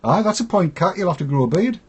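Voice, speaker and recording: A man's voice: high voice, animated, fast, husky. A man hosting a casual online chat show, talking in a jokey, self-deprecating way. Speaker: host.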